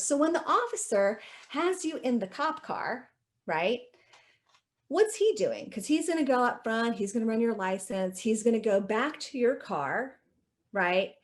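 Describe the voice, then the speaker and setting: A woman attorney giving an informal public lecture on legal rights, chatty and direct, often checking in with the audience. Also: on the high side. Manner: chatty, keeps checking in with "okay?"; acts out dialogues with police.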